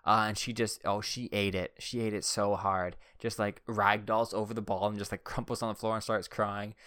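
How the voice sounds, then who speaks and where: Young adult man for loose, filler-heavy anecdotes; low, smooth voice. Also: level tone, moderate pace, sharp tone, no room sound, clean studio sound. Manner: rambling, heavy use of "like" and "uh". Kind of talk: casual anecdote-telling.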